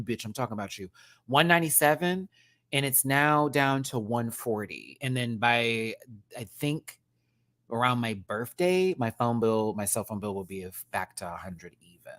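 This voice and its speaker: At home indoors, a man hosts a casual livestream, telling stories, swearing freely and thanking his viewers. He's chatty and expressive, with a medium-pitched voice.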